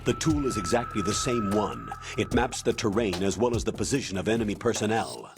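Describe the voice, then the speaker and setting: A man voicing a stern older military colonel, giving measured, authoritative mission briefings in a video game. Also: fairly low pitch, expressive, close to an everyday voice. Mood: calm, commanding. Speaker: mission commander on radio. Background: game music.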